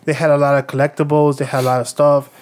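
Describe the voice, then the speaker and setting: A man's voice: on the high side, flat delivery, fast talker, a little mellow. A young man casually telling a rambling story among friends, full of fillers and restarts. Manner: rambling, lots of fillers and acted quotes.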